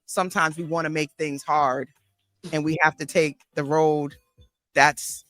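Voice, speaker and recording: A woman's voice: low-pitched, level tone, measured pace, a bit bright. A woman therapist and host recalling a past conversation in a reflective, thoughtful way, with restarts. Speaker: therapist and life coach, host. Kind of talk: casual conversation.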